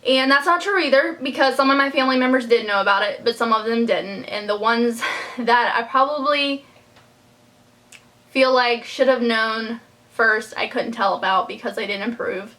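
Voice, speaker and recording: A young woman's high-leaning voice comes across pushed and bright at a normal speed as she vlogs a personal story. She rambles with plenty of fillers and restarts, sounding heartfelt and on the verge of tears.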